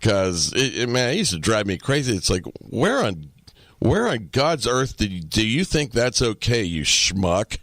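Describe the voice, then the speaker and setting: A man hosting a podcast, talking casually with blunt, profane, dark humor. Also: medium pitch, very animated, normal speed, dry recording. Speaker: podcast host. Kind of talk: casual chat.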